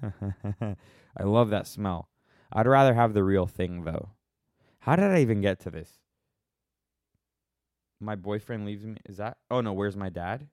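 A man's voice: on the low side, animated, unhurried, long pauses, darkish tone, dry recording, clean studio sound. An American man hosting a casual solo podcast, rambling and wry as he stops and restarts his thoughts while answering listener questions. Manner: rambling, self-interrupting, wry.

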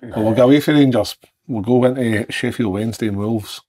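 Man, Scottish accent, podcast co-host, fast, raspy, jokey asides. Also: medium pitch, mellow, no room sound. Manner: jokey, brief interjections. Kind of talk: casual podcast chat.

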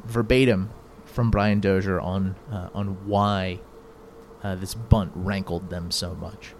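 A man hosting a casual talk show, speaking in an animated, exasperated way that jumps high in pitch when incredulous. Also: slow, a little hiss or hum. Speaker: podcast host. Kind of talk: casual chat.

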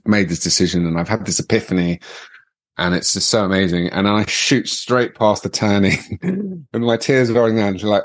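Low-voiced man telling a wild story. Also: dry recording. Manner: lively storyteller, laughs often, stumbles and restarts. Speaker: podcast guest. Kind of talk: casual anecdote telling.

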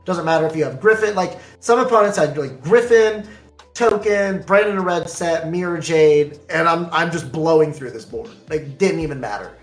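A somewhat high-voiced man animatedly recounts a tournament, jumping into the voices of everyone he quotes. The room rings with echo, and faint music sits underneath. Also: normal speed. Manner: animated, acts out quoted exchanges. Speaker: card game player recounting a tournament. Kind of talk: casual storytelling.

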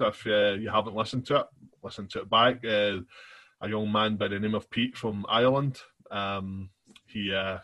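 A Scottish man on a podcast with a forceful, bright edge and a rough, husky grain. He talks in casual chat, hesitating often with ums and restarting his sentences. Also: lowish voice. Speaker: podcast co-host.

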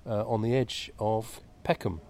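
A man co-hosts a podcast on a walking tour, joking and bantering as he goes. His voice is low and mellow. Faint street ambience sits behind him outdoors. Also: fairly even intonation, measured pace, creaky, slight background noise. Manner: playful, banters and jokes. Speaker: podcast co-host. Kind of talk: casual chat on a walking tour. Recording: recorded outside with street ambience.

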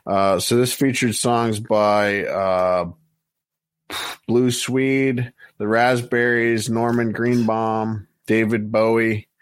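A male podcast host with a low voice, recorded dry and close. He reads through lists of songs steadily, dropping in casual fillers as he goes. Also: slow pace, smooth, no room sound. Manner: steady, list-reading with many fillers. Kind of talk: casual chat, reading out lists.

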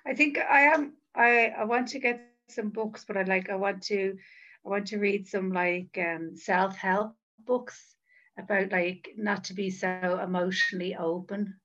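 Woman, podcast co-host, bright, laughing storyteller, slightly muffled sound. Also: mid-range voice, unhurried. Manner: animated storyteller, laughs often. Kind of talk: casual podcast chat.

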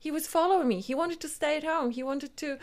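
A woman's voice: high-pitched, fast. A woman co-hosting a comedy podcast, telling stories eagerly with slightly non-native phrasing. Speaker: podcast co-host. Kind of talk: casual comedic chat.

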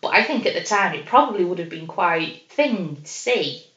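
A woman's voice: fairly low pitch, animated, normal speed, fairly bright tone. A woman co-hosting a podcast, chatting casually about a TV episode, hesitant with many fillers and restarts. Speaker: podcast co-host. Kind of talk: casual chat reviewing a TV episode. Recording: roomy, dull lo-fi sound.

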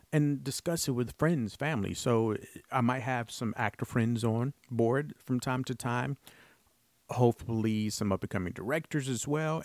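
A man's voice: mid-range voice, dry recording. A man hosting his own podcast, talking casually and earnestly, rambling with frequent restarts. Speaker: podcast host. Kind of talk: casual solo podcast talk.

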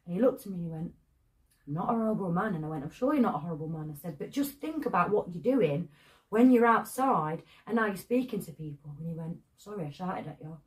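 A woman co-hosting a podcast, telling stories fast and expressively with some swearing. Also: fairly low pitch, animated. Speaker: podcast co-host. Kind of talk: casual chat.

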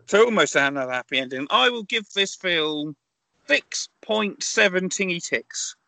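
A man co-hosting a casual podcast, reviewing films and telling pun jokes deadpan. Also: high-pitched, unhurried, creaky, dry recording. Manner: deadpan storytelling, punny jokes. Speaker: podcast co-host, film reviewer.

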